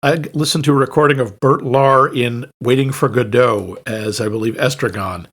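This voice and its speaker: A man co-hosting a podcast in casual movie chat, enthusiastic and quick to laugh while sharing trivia. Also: medium pitch, a bit bright. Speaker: podcast co-host.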